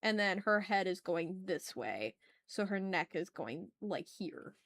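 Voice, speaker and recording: A young adult woman streams herself drawing, her fairly low voice swinging widely in pitch, a little slow and a bit bright. She chats casually and talks through each step aloud, often apologizing with a self-deprecating laugh.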